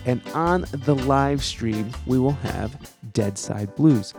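A man hosting a podcast, casual and jokey, with loud laughs. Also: mid-range voice, slow, music in the background. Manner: animated, jokey, laughs loudly. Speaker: podcast host.

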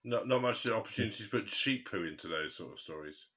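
Lively, playful host. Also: male voice, on the low side, fast talker, a crowd in the background. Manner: laughs easily, playful. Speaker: podcast co-host. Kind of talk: casual chat.

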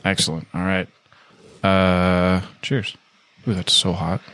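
Low-voiced rambling podcast host, man. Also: level tone, slow, a bit bright, slight background noise. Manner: rambling, loose, full of fillers. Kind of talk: casual chat.

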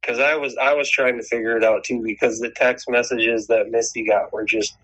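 A man's voice: medium pitch, fairly even intonation, fairly quick, a bit bright, poor audio. A man telling a long personal story in casual chat, rambling and swearing, with many restarts. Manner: rambling, profane, frequent restarts.

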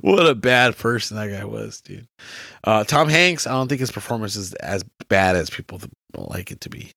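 A man's voice: on the low side, expressive, normal speed, gravelly, a bit bright, no room sound, studio quality. A young man as a podcast guest, chatting casually and enthusiastically, full of slang. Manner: slangy, enthusiastic, says bro a lot. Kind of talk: casual chat.

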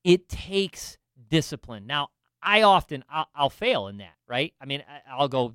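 A man co-hosting a money podcast in casual talk, slowing down and pressing hard on his points. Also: a little high, very animated, a bit bright, clean tone, no room sound, studio quality. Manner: emphatic, slows down to stress points. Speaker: podcast co-host.

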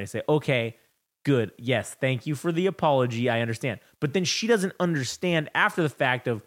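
A man's voice: medium pitch, lively intonation, moderate pace, a bit bright. Rambling, cussing young guy. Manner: rambling, profane storytelling about parenting. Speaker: podcast co-host. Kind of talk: casual chat.

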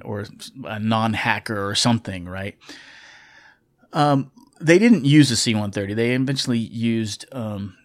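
A middle-aged man, a former military officer turned pilot, telling a story in a candid, reflective way with fillers and restarts. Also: lowish voice. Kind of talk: casual storytelling.

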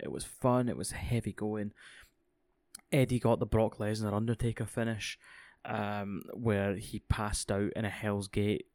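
A young man co-hosting a podcast, rambling excitedly and swearing often. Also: fairly low pitch, dry recording. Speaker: podcast co-host. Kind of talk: casual podcast chat.

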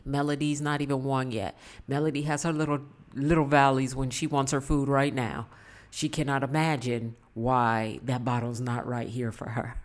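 A woman talking casually and earnestly to her viewers, giving life advice and repeating points for emphasis. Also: rumbling low. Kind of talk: casual motivational talk.

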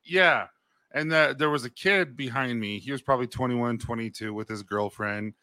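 A man's voice: medium pitch, moderate pace, no echo. A man co-hosting a podcast, telling anecdotes in casual chat and acting out the quotes of the people in them. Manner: animated anecdote teller, acts out quotes. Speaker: podcast co-host.

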